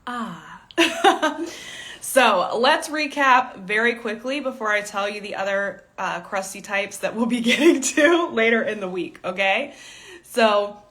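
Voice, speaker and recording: Bright, chatty woman stylist. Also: mid-range voice, lively intonation, slow pace. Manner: chatty and candid, with frequent laughs and "like" fillers. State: fighting a tickle in the throat, coughing. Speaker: fashion stylist and coach. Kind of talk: casual livestream teaching.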